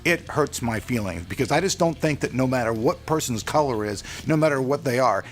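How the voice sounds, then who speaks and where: A man's voice: mid-range voice, animated, brisk. A middle-aged man from California, hosting a casual vlog and talking earnestly and loosely, straight to his viewers. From California, USA. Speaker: channel host.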